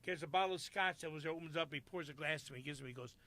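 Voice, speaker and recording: An older man, a comedian guest telling a profane, animated story in casual chat. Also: fairly high pitch, rapid-fire, no room sound.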